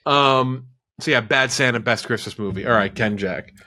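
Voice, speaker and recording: A man's voice: mid-range voice, normal speed, pushed and bright. A man co-hosting a casual movie podcast, rambling and often restarting his sentences. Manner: rambling, self-correcting, laughs often. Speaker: podcast co-host.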